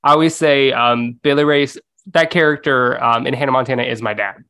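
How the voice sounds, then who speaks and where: A podcast co-host from the Southern United States, chatting eagerly in a casual interview with quick asides. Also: medium pitch, steady tone, fairly bright tone, smooth.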